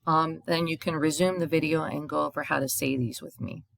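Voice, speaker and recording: A woman's voice: low-pitched, steady tone, fairly quick, gravelly, no room sound, studio quality. A woman teaching a recorded video lesson in a patient, explanatory way, reading short example dialogues aloud and translating them. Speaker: Spanish teacher.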